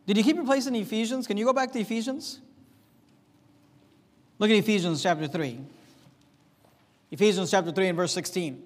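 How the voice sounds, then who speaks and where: A man preaching a sermon as pastor, emphatic, with sharp rises and drops in his voice for effect. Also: high voice, fairly quick, long pauses, long reverb tail.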